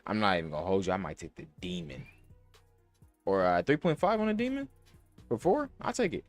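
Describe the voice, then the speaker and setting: Brisk and very animated, a young man with a voice on the low side thinks aloud about sports bets on his podcast, dropping slang and curses. There's faint music behind a dry, close-miked sound.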